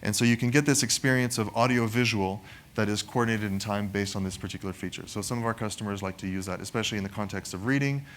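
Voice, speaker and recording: A man's voice: lowish voice, fast talker, a little hiss or hum. A man giving a conversational technical product presentation, often adding "right?" to his points. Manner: conversational, frequent "right?" tag questions.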